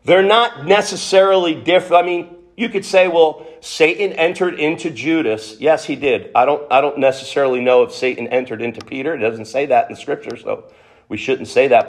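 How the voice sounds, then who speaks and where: A man preaching a sermon, emphatic, asking the listeners questions and acting out quotes. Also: mid-range voice.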